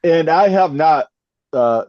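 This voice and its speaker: A man in casual chat, talking slowly in a blunt, shrugging way. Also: a little high, lively intonation. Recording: dry, dull lo-fi sound.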